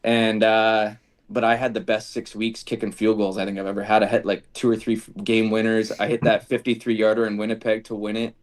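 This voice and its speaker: A man's voice: fairly low pitch, fairly quick. A man, a guest on a podcast, telling casual stories and acting out the dialogue of the people in them. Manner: animated storyteller acting out quoted dialogue. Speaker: podcast guest, former football kicker. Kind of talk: casual storytelling interview.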